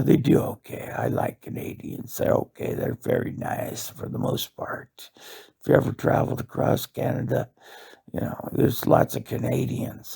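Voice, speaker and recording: A man with a very husky, raspy voice wanders through a comic monologue, stuffing it with fillers and swearing. His pitch swings widely from one phrase to the next. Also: dark tone. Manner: meandering, profane, full of fillers. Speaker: monologue host.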